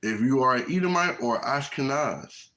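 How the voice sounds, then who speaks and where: Out in hot weather, a street preacher gives his sermon, expressive and at normal speed, often asking the crowd "right?". His medium-pitched voice is a bit bright on a rough recording.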